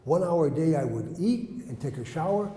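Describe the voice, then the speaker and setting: A man telling his life story to a live audience, asking them questions and acting out the quotes loudly. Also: on the high side, animated, normal speed, a little hiss or hum. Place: hall with an audience. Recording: echoey hall.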